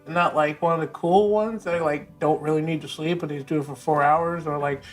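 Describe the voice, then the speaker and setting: A woman's voice: low voice, steady tone, faint music behind, close to an everyday voice. A woman playing a nervous, money-minded human adventurer who rambles and halts. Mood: awkward. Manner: rambling, halting, awkward.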